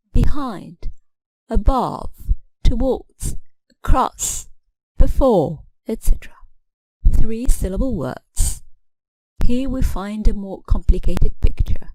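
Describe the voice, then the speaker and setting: Deliberate woman teaching English stress. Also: mid-range voice, dark tone, no room sound, rough recording. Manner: clear, deliberate, slows down to model example words. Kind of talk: scripted instructional narration.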